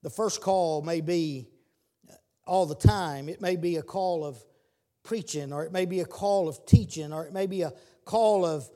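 A man preaching a sermon, repeating his words and building to shouted calls. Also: a little high, moderate pace.

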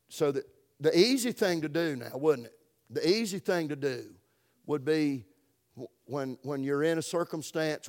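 A middle-aged pastor with a Southern US accent delivers a folksy sermon in a fairly high voice. He stretches words out for emphasis and swings between booming stresses and near-whispered phrases. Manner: folksy, emphatic, drawn-out preaching with sudden loud and soft turns.

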